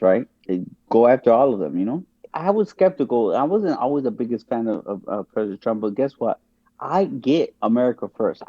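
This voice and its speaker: Man, podcast guest, emphatic opinions, rhetorical questions, dark relaxed tone, muffled lo-fi recording. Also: medium pitch, no room sound. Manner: emphatic, keeps asking "guess what". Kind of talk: casual opinionated discussion.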